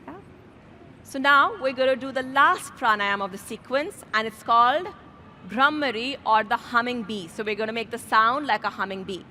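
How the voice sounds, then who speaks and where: Woman, yoga instructor, calm and gentle, slow guided breathing, higher voice, outdoors, faint city traffic.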